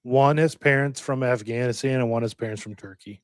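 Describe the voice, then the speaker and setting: A man's voice: mid-range voice, a little fast, smooth, no room sound. Podcast guy, dry close mic, lots of ums, kinda hesitant while he searches stuff. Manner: hesitant, many ums, looking things up while talking. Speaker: podcast co-host. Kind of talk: casual podcast chat.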